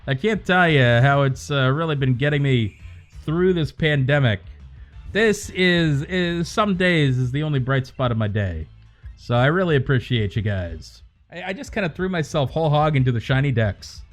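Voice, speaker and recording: A man's voice: mid-range voice, animated, moderate pace, soft background music. A man chatting casually on a livestream, rambling, swearing freely and joking as he rants to his viewers.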